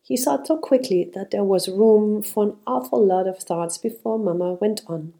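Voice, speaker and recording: Woman with a calm, mellow reading voice. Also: fairly low pitch, normal speed, few pauses. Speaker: narrator. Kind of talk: storybook reading.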